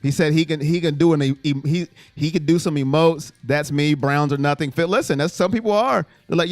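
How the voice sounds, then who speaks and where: A man hosting a casual sports live stream and reading out fan comments, animated, swinging between low mutters and loud exclamations. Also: fairly quick, few pauses, dry recording, soft background music.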